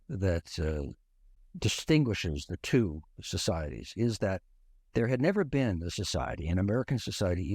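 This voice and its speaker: Podcast guest, male, low voice, dry recording, thoughtful explainer who often restarts. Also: darkish tone, dry recording. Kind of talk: conversational history discussion.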